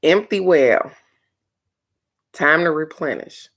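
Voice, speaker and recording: Her voice is low-pitched, expressive, and slow. She's a middle-aged oracle card reader doing a relaxed card-of-the-day reading, earnest and frank in tone and occasionally profane.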